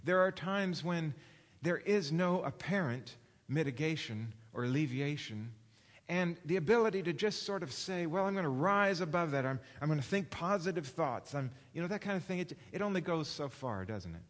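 A man preaching a sermon in a space with a long, trailing reverb. He asks his listeners question after question and slows down whenever he reads scripture aloud. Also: fairly high pitch, expressive. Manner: preaching with rhetorical questions, slowing for read scripture. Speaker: pastor.

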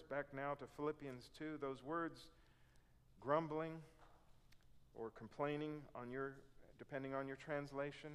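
A man's voice: medium pitch, clean tone. A man preaching a sermon, reading scripture and explaining it earnestly, acting out complaints in a raised voice. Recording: long hall reverb.

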